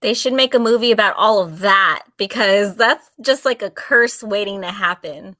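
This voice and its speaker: A woman's voice: medium pitch, moderate pace, bright, forceful tone, no echo, studio quality. A woman joining a casual horror podcast chat, playful in her remarks.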